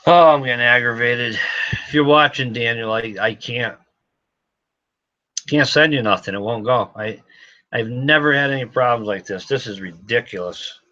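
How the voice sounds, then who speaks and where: A man's voice: mid-range voice, moderate pace, bright, forceful tone. A man hosting a casual livestream, talking to viewers in a frustrated, repetitive, muttering way. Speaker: gun shop livestream host. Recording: slightly dull lo-fi sound.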